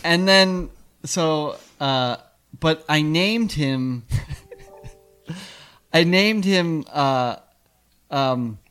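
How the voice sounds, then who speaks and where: A man hosting a comedy podcast, talking in a halting, stammering, giggly way. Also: a little high, a bit bright, smooth, soft background music. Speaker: podcast host. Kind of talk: casual comedy podcast chat.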